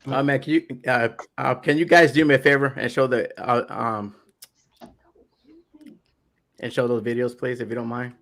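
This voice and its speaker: A man hosting a casual podcast, talking hesitantly with many pauses and fillers. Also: medium pitch, steady tone, gravelly, fairly bright tone. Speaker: podcast host.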